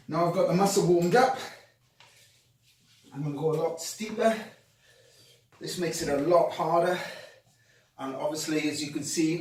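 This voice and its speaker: A man's voice: a little high, slight background noise. A man demonstrating exercises at home, talking through each move and getting out of breath between reps. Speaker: fitness coach. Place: home workout space. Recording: echoey room, distant camera mic.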